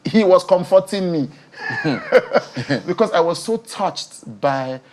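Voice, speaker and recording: Brief: woman, TV talk show host from Nigeria, guest in a studio interview, animated, emotional, quick to laugh. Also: fairly low pitch.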